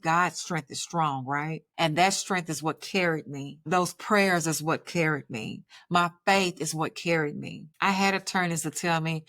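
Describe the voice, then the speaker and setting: A woman's voice: fairly low pitch, a bit bright, dry recording. A woman talking to her viewers about her faith, emphatic and preachy, often asking "right?" and saying "y'all". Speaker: faith vlogger and filmmaker. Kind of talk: casual faith talk to viewers.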